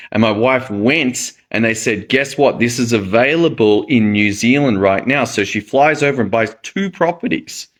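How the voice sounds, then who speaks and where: A man's voice: fairly low pitch, a bit bright. A middle-aged man telling a personal story in a casual monologue, acting out the reactions he quotes. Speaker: medical educator and host.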